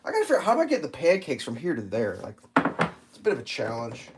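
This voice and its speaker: A man telling a casual story while cooking in a home kitchen, animated and acting out quotes and sounds. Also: mid-range voice, quick pace, heavy background noise. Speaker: cooking vlogger.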